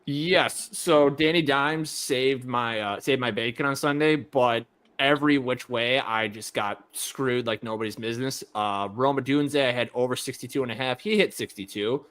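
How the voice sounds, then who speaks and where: A man co-hosting a casual betting podcast, running quickly and ruefully through his lost bets. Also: medium pitch, a bit bright. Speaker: podcast co-host.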